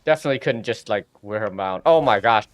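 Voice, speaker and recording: Male streamer, excitable live game commentary, animated delivery. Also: on the low side, fast talker.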